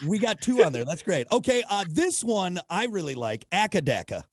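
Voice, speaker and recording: A man hosts a relaxed interview in a fairly high voice. He is upbeat and playful, and the sound is dry and close. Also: moderate pace, no room sound. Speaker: host. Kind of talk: casual interview chat.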